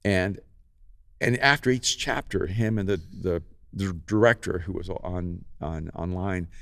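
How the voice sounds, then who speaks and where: Thoughtful male podcast host, low voice, dry close sound, lots of restarts. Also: measured pace, gravelly, fairly bright tone, no room sound. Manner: thoughtful, many restarts and repeated words. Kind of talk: reflective storytelling in casual conversation. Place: podcast studio.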